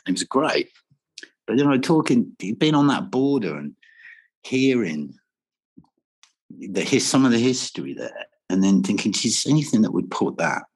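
Very deep husky man, rambling. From Wales. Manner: rambling, swears freely, laughs often. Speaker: guest musician. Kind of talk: casual interview chat.

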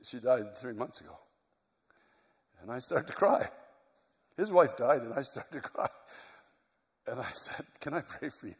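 A man's voice: mid-range voice, lively intonation, a little slow, pauses often, husky. A middle-aged man preaching a sermon as a pastor, telling a story in an earnest, emotional way. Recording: long hall reverb.

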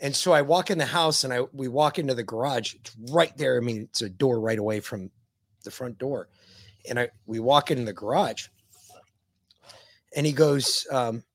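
Profane American man telling stories. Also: mid-range voice. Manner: profane storyteller, acts out quotes animatedly. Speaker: podcast co-host. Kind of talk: casual chat.

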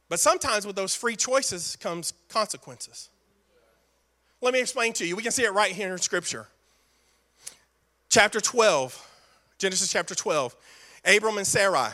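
Brief: male pastor, emphatic repeating preacher with jokey asides, high bright voice. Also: animated, measured pace, long pauses. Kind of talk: sermon.

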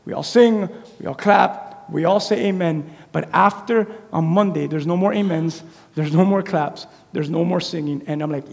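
A man preaching a sermon in a church, animated and conversational, acting out little quotes as he goes. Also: fairly high pitch, moderate pace, gravelly. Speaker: pastor. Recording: echoey hall reverb.

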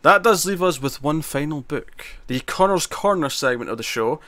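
Bright-voiced man hosting a podcast. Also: on the high side, animated, normal speed, no room sound. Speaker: podcast host. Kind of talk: casual chat and segment introductions.

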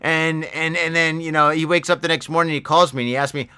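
A man's voice: on the high side, fairly even intonation, a little fast, sharp tone, clean tone. A middle-aged man hosting a podcast alone, rambling and joking at his own expense in a casual chat. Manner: rambling, jokey, self-deprecating. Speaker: podcast host. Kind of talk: casual monologue. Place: Japan.

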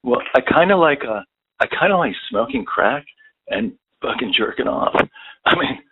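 A man's voice: medium pitch, sing-song, measured pace, a little hiss or hum. A middle-aged man on a phone chatline, swearing constantly and rambling about his loneliness. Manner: crude, swears a lot, rambling and self-pitying. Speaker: caller. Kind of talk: casual chat. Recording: tinny phone line.

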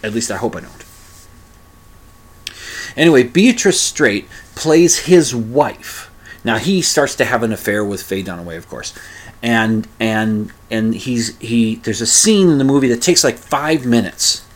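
A man's voice: medium pitch, lively intonation, a little slow. A man in his fifties hosting a solo podcast, rambling and grumbling with self-deprecating asides and mild swearing. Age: 50s. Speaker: podcast host. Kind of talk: casual solo podcast monologue.

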